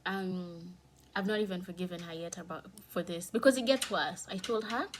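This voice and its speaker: A woman telling a painful personal story in a candid vlog, fighting back tears, her voice shifting from hushed to heated. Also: fairly low pitch, normal speed, a little hiss or hum. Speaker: vlogger.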